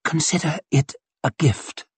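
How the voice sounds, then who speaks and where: A man voicing a flirtatious noble lady who murmurs in a slightly hoarse, coy voice. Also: fairly high pitch, unhurried, no room sound, voice pushed up.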